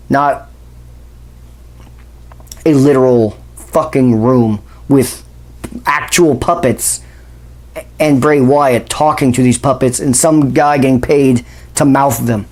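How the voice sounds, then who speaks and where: A man's voice: a little high, a little mellow. A man hosting a wrestling channel, ranting in a casual, exasperated and profane way with bursts of sarcasm. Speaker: wrestling commentary host.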